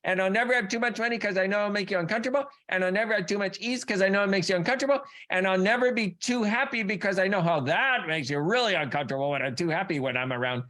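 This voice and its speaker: A man's voice: high voice, fast talker, hardly any pauses, pushed and bright, pitched above the performer's own voice. A man voicing a small daughter who is desperate to please her mother, in a sweet, pleading, childlike way.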